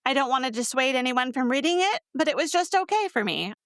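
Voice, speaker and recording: A woman's voice: high voice, lively intonation, fast talker, a bit bright, dry recording, studio quality. A woman co-hosting a romance book podcast, chatting candidly and laughing easily. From North Carolina. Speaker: podcast co-host reviewing romance novels. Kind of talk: casual chat.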